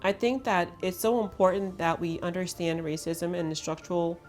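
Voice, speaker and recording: A woman's voice: on the low side, fairly even intonation, normal speed, darkish tone, faint music behind. A woman hosting an intimate conversation, telling her story in an earnest, emphatic way. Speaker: host.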